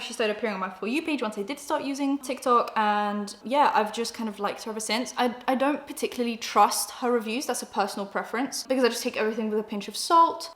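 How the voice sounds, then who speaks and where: A young British woman talks quickly in loose, chatty commentary full of fillers and self-corrections. Her voice sits somewhat high in pitch, and the sound comes from an echoey room. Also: fairly bright tone. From Britain. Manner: chatty, rambling, lots of fillers. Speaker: beauty YouTuber. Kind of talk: casual commentary.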